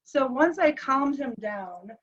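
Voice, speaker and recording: A woman's voice: sits high, slow pace, a little hiss or hum. A woman guest recounting a personal story with feeling, acting out the dialogue as she goes. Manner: animated retelling that acts out the dialogue. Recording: slightly dull lo-fi recording.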